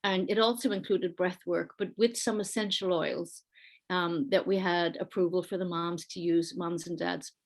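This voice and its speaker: A woman, an early-years school leader, giving an earnest, conversational presentation with slides over a video call, with fillers and restarts. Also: on the low side. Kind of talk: online panel presentation with slides.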